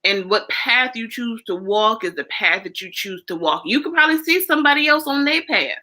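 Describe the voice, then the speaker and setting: A woman's voice: on the high side, animated, a little fast, pushed and bright, low-quality recording. A woman hosting a casual interview, talking in an encouraging, preachy way. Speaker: host.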